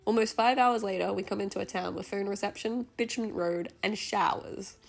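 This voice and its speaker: A woman narrating a travel vlog as a scripted voice-over, in a gentle, earnest, diary-like way. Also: mid-range voice, fairly quick, creaky, faint music behind.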